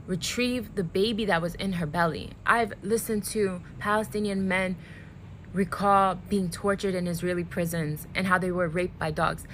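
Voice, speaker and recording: A woman speaking earnestly and deliberately to camera, emotionally worn out. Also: medium pitch, a bit bright, a little hiss or hum, low-quality recording. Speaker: social media creator. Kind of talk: direct-to-camera commentary video.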